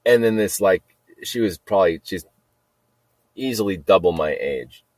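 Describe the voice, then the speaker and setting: A man's voice: deep voice, animated, moderate pace, a little mellow, no room sound. A middle-aged man telling a story in a rambling casual monologue, repeating himself and laughing at his own jokes. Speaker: podcast host telling a story.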